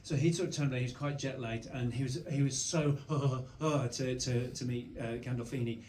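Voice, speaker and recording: A man's voice: medium pitch, moderate pace. Man telling stories in an echoey hall. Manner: animated anecdotal storyteller, frequent restarts. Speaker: panel guest. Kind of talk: onstage conversation. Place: cinema auditorium before a live audience. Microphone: stage mic recorded from the audience. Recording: roomy hall sound with faint noise.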